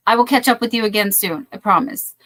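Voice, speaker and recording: A chatty woman hosts a relaxed livestream, greeting viewers and reading their comments aloud. Her voice is bright and forward, and she talks in a loose, friendly way. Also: mid-range voice, fast. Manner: chatty, reads out viewer comments, apologetic asides. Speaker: livestream host. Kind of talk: casual livestream chat.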